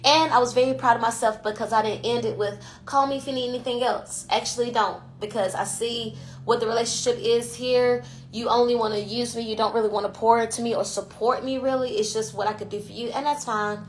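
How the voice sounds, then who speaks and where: A woman's voice: fairly high pitch, steady tone, fairly quick, slight background noise. A woman podcast host and intuitive coach talking in a casual, emphatic monologue, often tagging "you know" onto her points. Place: IG Live recording.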